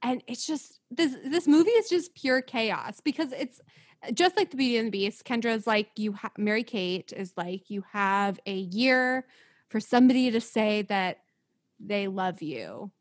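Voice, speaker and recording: A woman's voice: on the high side, unhurried. A young woman chatting casually about a movie, laughing often, using lots of fillers and a sarcastic edge. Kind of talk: casual movie review chat.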